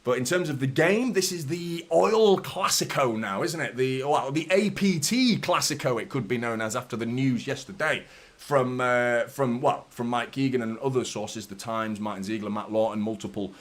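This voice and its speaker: Chatty football fan. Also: male voice, mid-range voice, normal speed. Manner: chatty, rambling, repeats "do you know what I mean". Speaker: football fan channel host. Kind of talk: casual vlog chat.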